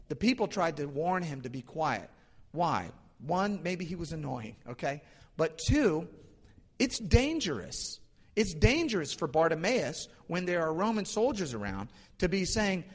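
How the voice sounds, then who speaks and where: A man's voice: on the high side, very animated, normal speed. A man preaching a sermon in a conversational, storytelling way, with frequent restarts. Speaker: pastor. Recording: long hall reverb.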